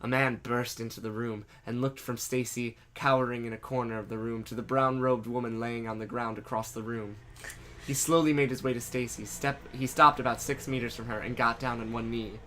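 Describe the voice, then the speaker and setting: A man's voice: medium pitch, fairly even intonation, brisk, fairly bright tone, slight background noise. A man reading fanfiction aloud dramatically, breaking off for jokes and swearing. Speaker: reader and co-host.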